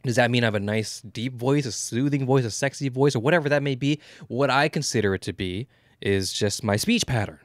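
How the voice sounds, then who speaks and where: Fast-talking, stammering man on a podcast. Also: mid-range voice, no echo, clean studio sound. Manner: animated, swearing freely. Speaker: podcast co-host. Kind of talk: casual chat.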